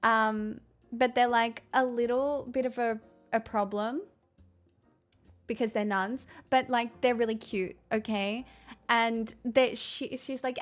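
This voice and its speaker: A woman's voice: fairly high pitch, fairly even intonation, takes it slowly, soft background music. A young woman streamer chatting casually and candidly with viewers, rambling and swearing freely. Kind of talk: casual chat answering viewer questions.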